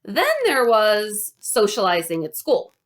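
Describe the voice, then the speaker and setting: A woman reading a children's novel aloud in an animated, expressive way. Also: mid-range voice, takes it slowly. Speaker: audiobook reader.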